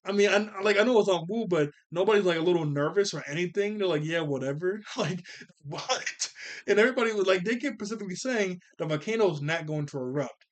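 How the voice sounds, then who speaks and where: A man's voice: high voice, animated, fast talker. A young man casually recapping a cartoon episode, retelling scenes in quoted voices and laughing often. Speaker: cartoon reviewer.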